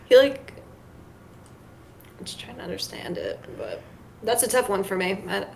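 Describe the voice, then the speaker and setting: A woman game streamer chatting casually, talking in a halting way with lots of "like" fillers. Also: medium pitch, creaky, darkish tone, a little hiss or hum. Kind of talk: casual chat while playing a game.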